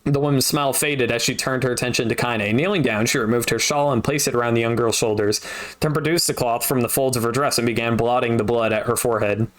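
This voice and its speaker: A man reading a novel aloud on a stream, steady narration broken by wry asides. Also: mid-range voice, fast talker. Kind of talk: casual audiobook reading with asides.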